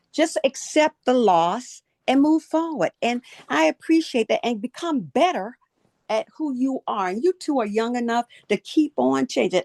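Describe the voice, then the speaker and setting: An older woman co-hosting a podcast, speaking slowly and deliberately with a preachy, motivational manner. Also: medium pitch, creaky, darkish tone, no echo, clean studio sound. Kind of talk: motivational talk in a podcast interview.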